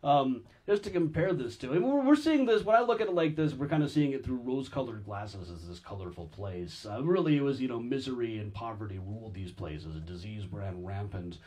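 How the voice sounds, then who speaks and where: A man giving a public history lecture, telling stories in an animated, wry and chatty way. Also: medium pitch, a little fast, hardly any pauses, slightly rough.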